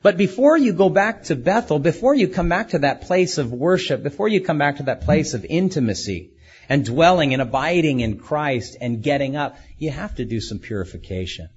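A man's voice: fairly high pitch, lively intonation, normal speed, husky, muffled recording. A man preaching a sermon as a pastor, asking rhetorical questions and acting out quoted speakers.

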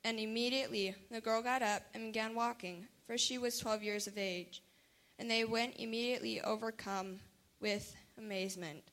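Woman, scripture reading, slightly high voice, measured. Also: steady tone, fairly bright tone.

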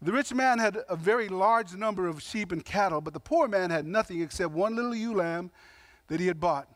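A man with a high-pitched voice delivers a sermon in a relaxed, conversational way, mixing emphatic points with slangy asides and acted-out quotes. The sound is dry and close, with no room echo. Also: a little fast. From Samoan heritage. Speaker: pastor.

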